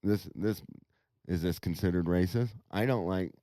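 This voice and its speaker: A man's voice: sits low, moderate pace, dark tone, no room sound. A man co-hosting a podcast, speaking bluntly and provocatively in casual chat. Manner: blunt, provocative, laughs at own remarks. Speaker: podcast co-host.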